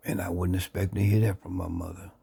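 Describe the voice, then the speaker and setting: A man earnestly sharing his life story into a phone camera, reflective and unhurried. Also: low voice, level tone, creaky, dark tone, slightly rough. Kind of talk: personal testimony, casual talk.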